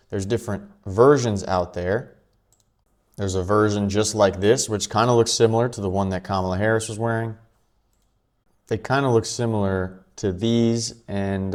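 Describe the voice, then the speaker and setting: Low-voiced man hosting a commentary vlog. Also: a little mellow. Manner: quick, offhand, chuckling asides. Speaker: channel host.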